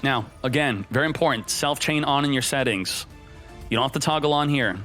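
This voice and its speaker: A man streaming a card game, giving excited, jokey commentary and talking to himself as he plays. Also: mid-range voice, a little fast, faint music behind. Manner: hyped, jokey, talks to himself while playing. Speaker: gaming streamer.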